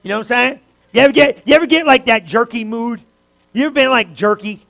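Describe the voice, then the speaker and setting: A man pastor preaching a sermon, talking straight to his congregation and building to fervent, loud stretches. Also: very high voice, fast, creaky. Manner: preaching with rising fervor, direct address to the congregation.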